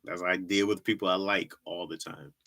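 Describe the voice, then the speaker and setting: Here the middle-aged livestream host has a deep, steady voice that's bright and forceful, moving fairly quickly. He rambles, repeats himself, laughs often, and responds to chat in a casual stand-up style.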